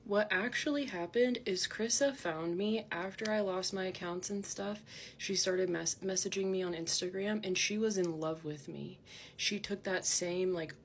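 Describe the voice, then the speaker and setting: Woman vlogger, somewhat low voice, indignant and defensive rant to camera, heavy on "like" fillers. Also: a little hiss or hum. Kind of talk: ranting to camera.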